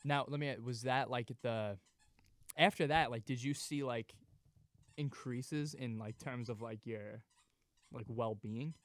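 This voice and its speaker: A man's voice: medium pitch, measured pace, dry recording. A man who is a comedian, a guest on a casual podcast, asking loose questions full of fillers.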